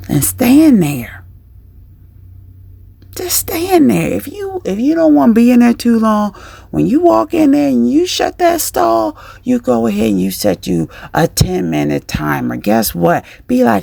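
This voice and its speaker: A woman vlogger giving casual parenting advice in a lively, chatty way, acting out little scenes and pep-talk tips. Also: mid-range voice, measured pace, vocal fry, husky, no room sound.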